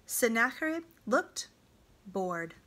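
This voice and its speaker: A woman reading a novel aloud to students, with a deliberate, dramatic delivery. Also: a little high, very animated, pushed and bright. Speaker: reader for homeschool students.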